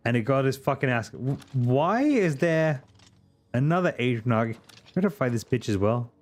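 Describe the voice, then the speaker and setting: A man's voice: mid-range voice, lively intonation, moderate pace, darkish tone. A man from Britain, streaming a video game with casual, jokey and profane commentary to his chat.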